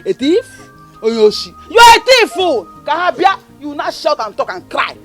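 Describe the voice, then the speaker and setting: A taunting Nigerian sister. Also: female voice, sits high, sing-song, normal speed, soft background music. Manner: mocking, taunting, swings between shouting and muttering. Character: scornful young woman bullying her sister.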